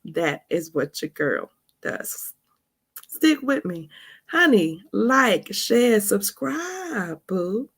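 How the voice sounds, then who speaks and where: Chatty gravelly Baltimore woman. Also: mid-range voice, big pitch swings, extremely slow. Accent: Baltimore with some Texas. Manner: chatty, calls listeners honey and y'all; laughs often mid-sentence. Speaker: podcast host. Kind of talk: casual spoken monologue.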